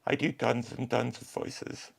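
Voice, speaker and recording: A man putting on a stiff, monotone robot voice. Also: medium pitch, unhurried, creaky, breathy edge, heavily acted. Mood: flat. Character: flat-spoken male robot. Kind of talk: robot voice impression.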